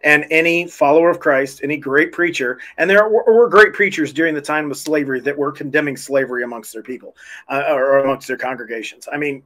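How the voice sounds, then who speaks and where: A man's voice: a little high, fairly quick, a bit bright. A man defending his faith in an online debate, earnest and plain-spoken with some restarts. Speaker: Christian podcast host.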